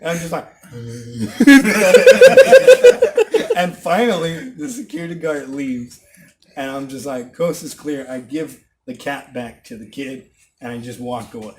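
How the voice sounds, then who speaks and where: A young man casually telling stories to friends, often laughing and acting out loud exclamations. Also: mid-range voice, normal speed, a little hiss or hum. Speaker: channel host telling stories. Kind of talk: casual storytelling among friends.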